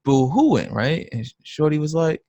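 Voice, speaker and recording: A man's voice: a little high, big pitch swings, normal speed, dark tone, no echo, muffled recording. A young man hosting a live trading stream, talking in a blunt, slangy, emphatic casual rant.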